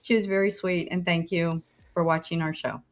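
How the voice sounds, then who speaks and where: A woman's voice: on the low side, fairly even intonation, moderate pace. An older woman co-hosting a podcast with her son, telling a folksy story in a chatty way and acting out the lines of the people in it. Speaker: podcast co-host. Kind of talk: casual chat, telling a story.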